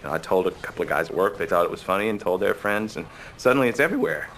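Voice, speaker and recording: A hapless shy store clerk. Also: male voice, low voice, animated, racing, a bit bright, slight background noise. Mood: glum. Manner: mild, self-deprecating, hesitant. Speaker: client. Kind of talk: sitcom acting.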